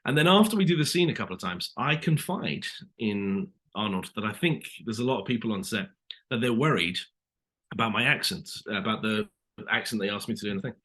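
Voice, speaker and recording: A British man with a bright, forceful voice tells stories as an interview guest, talking loosely and filling gaps with little asides. He speaks over a video call. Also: on the low side, lively intonation, a little fast. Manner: chatty, lots of "you know" asides. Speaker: actor guest. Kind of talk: casual interview storytelling.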